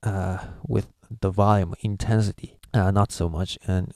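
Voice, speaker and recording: Slow gravelly Japanese-accented man teaching. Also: low-pitched, fairly even intonation, darkish tone, no room sound, studio quality. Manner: hesitant, many filler uhs, demonstrates syllables aloud. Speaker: language teacher. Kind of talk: casual spoken lesson.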